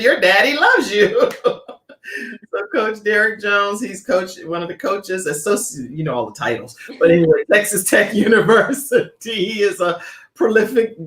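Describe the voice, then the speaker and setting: A woman's voice: mid-range voice, a bit bright. A middle-aged woman hosting a talk show, effusive and praising, reading viewer comments aloud. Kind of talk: casual chat. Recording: echoey room.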